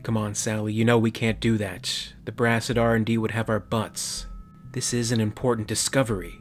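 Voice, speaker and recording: A man's voice: fairly low pitch, little pitch movement, normal speed, faint music behind, natural voice. A man voicing a commanding, impatient male marine captain who barks orders. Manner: barking orders, clipped military talk.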